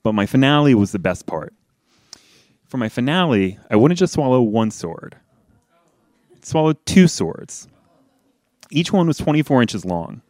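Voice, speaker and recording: A young adult man tells a personal story with a self-deprecating edge. His pitch swings widely as he goes, and he laughs now and then. The sound is dry and close. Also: sing-song, unhurried, pauses often, a little mellow, dry recording. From lived in Washington, D.C.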